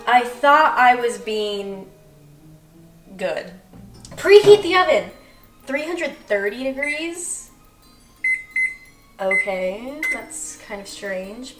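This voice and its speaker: A young woman chatting casually and self-deprecatingly while she bakes in her kitchen, rambling as she goes. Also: a little high. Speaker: vlogger. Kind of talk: casual baking vlog chat. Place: home kitchen. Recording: roomy kitchen, mic at a distance.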